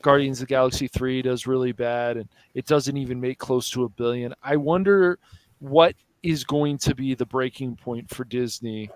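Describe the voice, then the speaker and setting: A man's voice: medium pitch, steady tone, moderate pace, no echo. Dry-voiced man, chatty, teasing. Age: young adult. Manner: laughs often, teasing. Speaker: podcast host. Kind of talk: casual chat.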